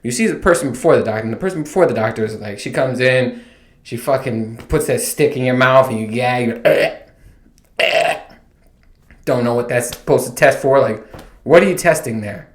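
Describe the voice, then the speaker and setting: A man's voice: mid-range voice, a little fast. A man hosting a podcast, telling a profane, exasperated comic rant in a casual way. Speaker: podcast host. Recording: roomy echo.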